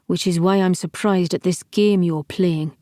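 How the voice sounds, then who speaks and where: A woman's voice: fairly low pitch, steady tone, a little slow, mellow, no room sound, studio quality, lightly acted. A woman reading an audiobook, voicing a crude, blunt old male falcon who mocks and swears. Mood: mocking. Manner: crass, blunt, mocking.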